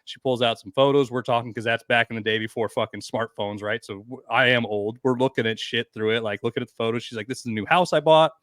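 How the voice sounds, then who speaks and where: A middle-aged man tells crude, animated stories on a podcast and acts out each person's lines as he goes. His voice is pitched at a middle height and recorded dry and close, with no room sound. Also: fast, hardly any pauses, no echo. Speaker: podcast guest. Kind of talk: casual storytelling chat.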